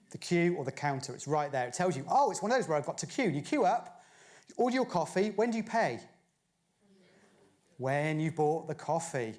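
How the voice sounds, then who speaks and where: Fast-talking man giving a conference talk. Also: high voice, a little mellow. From Bristol, England. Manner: chatty, fires rhetorical questions at the audience. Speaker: conference speaker. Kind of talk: conference talk to a live audience. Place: conference stage.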